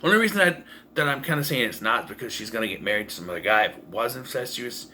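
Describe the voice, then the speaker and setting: A man's voice: medium pitch, animated, quick pace, bright, forceful tone, slight background noise. Blunt, rambling man reviewing a film. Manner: rambling, blunt and profane, with many restarts. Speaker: movie reviewer. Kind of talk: casual movie review vlog. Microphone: camera propped on taped-together cases.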